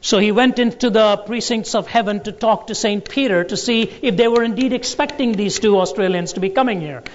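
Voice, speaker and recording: A high-voiced man, a Christian apologetics lecturer, gives a lecture with anecdotes and jokes in a deliberate, storytelling delivery. It's a dull lo-fi recording made in a large, echoing, reverberant hall.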